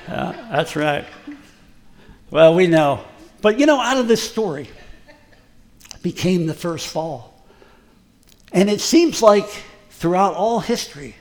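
A man's voice: high-pitched, animated, slow pace, pauses often. A man preaching a folksy, emphatic sermon, joking at his own expense as a plain working guy. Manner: folksy, self-deprecating, emphatic. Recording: long hall reverb.

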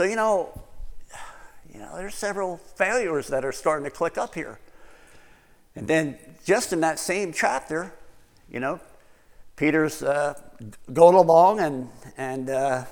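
A man delivers a sermon in an easygoing, conversational manner, retelling scripture stories and slipping in many fillers as he goes. His voice sits a little higher than most men's. The sound carries the long reverb of a large hall. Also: animated, measured pace, pauses often. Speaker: pastor.

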